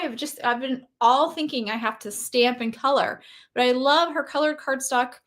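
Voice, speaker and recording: A woman's voice: high voice, normal speed, a bit bright. A woman doing a casual live walkthrough of craft products, chatty and enthusiastic, gushing over each item.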